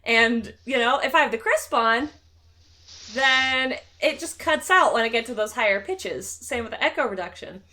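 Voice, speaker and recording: Chatty woman host for a casual talk show, slightly high, bright, joking tone. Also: expressive, normal speed, a little hiss or hum. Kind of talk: casual podcast chat.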